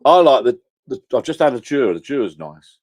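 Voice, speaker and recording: A man's voice: medium pitch, big pitch swings, brisk, a little mellow. A middle-aged man chatting casually on a live stream, rambling and correcting himself. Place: at home by a whiskey shelf. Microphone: camera on a home setup.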